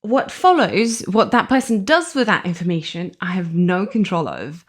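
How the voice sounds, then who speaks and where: A woman with a Russian accent talks through her thoughts on a solo podcast. Her pitch swings widely and expressively as she reasons aloud, and she often laughs mid-sentence. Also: normal speed. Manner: thoughtful, lively, laughs often while explaining. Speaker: podcast host. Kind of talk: reflective solo podcast talk.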